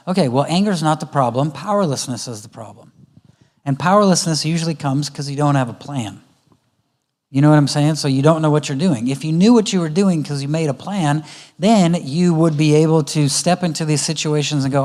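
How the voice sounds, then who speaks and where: Middle-aged guy speaking at church, chatty, acts out talks with his kids, voice a bit high. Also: brisk, a little mellow. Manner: conversational, acts out family dialogue. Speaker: guest speaker. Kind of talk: conference talk on parenting. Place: church auditorium.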